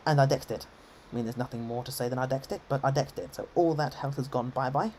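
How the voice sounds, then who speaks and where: A man's voice: mid-range voice, fairly even intonation, a little fast, darkish tone, a little hiss or hum. Chatty English man with an RP accent. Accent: English, received pronunciation. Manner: chatty, rambling, many ums and restarts. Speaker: game streamer. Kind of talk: live gameplay commentary.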